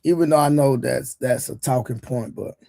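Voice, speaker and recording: A man with a hoarse voice hosting a livestream, chatting loosely with viewers in slangy banter full of repeated fillers. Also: mid-range voice, moderate pace, dark tone. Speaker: livestream show host. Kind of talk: casual livestream chat with viewers.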